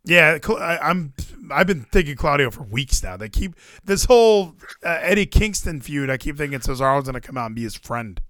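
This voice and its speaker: A man co-hosting a casual wrestling chat, animated and jokey, swearing freely. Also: fairly high pitch, fairly quick, few pauses, no echo, clean studio sound. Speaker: podcast co-host.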